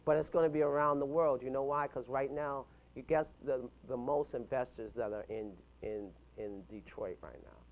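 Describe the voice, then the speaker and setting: A man in his fifties giving an animated, punchy motivational talk to a mastermind group, chuckling between points. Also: medium pitch, moderate pace, hardly any pauses, muffled recording. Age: 50s.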